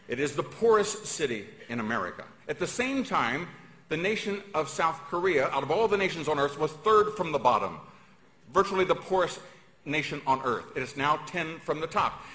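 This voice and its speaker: A man giving a public speech in a folksy, emphatic way, pausing for emphasis. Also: fairly high pitch, fairly bright tone. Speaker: speaker. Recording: echoey hall.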